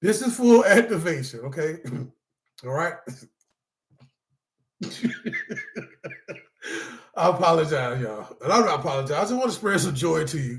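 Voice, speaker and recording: A man's voice: a little high, very animated, a little slow, pauses often, roomy sound. A man hosting a support-group talk to camera, part preaching, part casual chat, who laughs often and calls his viewers y'all.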